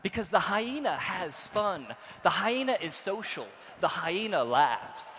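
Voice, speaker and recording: High-voiced man telling a story on stage. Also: unhurried, a little hiss or hum. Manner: builds from quiet storytelling to shouted excitement. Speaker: keynote speaker. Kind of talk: storytelling speech to a conference audience. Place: large convention hall. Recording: reverberant hall with faint ambience.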